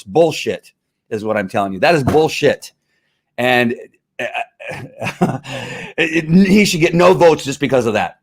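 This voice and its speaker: A man's voice: mid-range voice, lively intonation, a little slow, long pauses. A man hosting a podcast, talking in heated, rambling political commentary, full of restarts and worked-up outbursts. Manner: fired-up, rambling, with frequent restarts. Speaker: podcast host.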